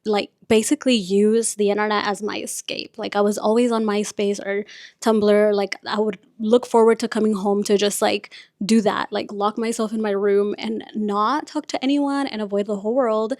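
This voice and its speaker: A woman's voice: medium pitch, little pitch movement, moderate pace, a little mellow, dry recording. Chatty young woman podcaster, dry sound. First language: Spanish. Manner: chatty, confiding, frequent "like" and "you guys". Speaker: podcast host. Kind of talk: casual chat.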